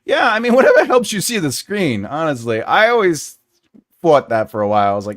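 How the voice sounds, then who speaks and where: A man's voice: medium pitch, very animated, a little fast. A man in his forties hosting a writing channel, chatting casually with viewers, joking and laughing as he rambles through asides. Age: 40s. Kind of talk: casual livestream chat.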